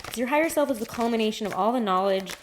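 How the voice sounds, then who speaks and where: A woman's voice: on the high side, lively intonation, very fast, slight background noise. A woman giving a casual livestream tarot reading, chatty and rambling, with casual swearing.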